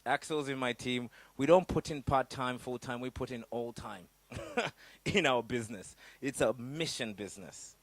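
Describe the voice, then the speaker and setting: A man's voice: medium pitch, normal speed, no echo. A man from Africa, a startup business coach, giving a candid motivational workshop talk full of stories, swearing and questions to the audience.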